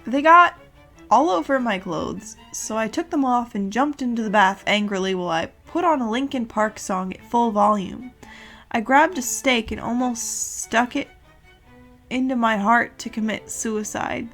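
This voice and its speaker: A woman's voice: fairly high pitch, moderate pace, faint music behind. A young woman reading a fan story aloud with dramatic delivery and sarcastic, exasperated asides. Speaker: host reading a fanfic aloud.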